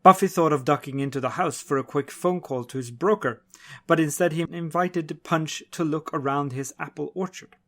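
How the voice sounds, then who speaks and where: A man narrating a short science fiction story in a steady storytelling voice, dropping his voice on the speech tags. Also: on the high side, moderate pace. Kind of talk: audiobook reading of a short story.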